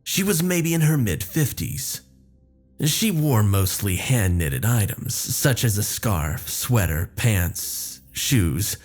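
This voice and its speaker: A man narrating a first-person horror story in a measured, descriptive way. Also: on the low side, sing-song, faint music behind.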